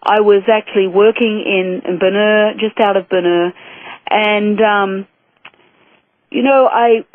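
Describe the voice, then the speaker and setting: A woman's voice: mid-range voice, steady tone, takes it slowly, dry recording. A woman guest in a phone interview, earnestly telling a personal story with many restarts. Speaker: guest, spiritual author and healer. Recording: tinny phone line, dry.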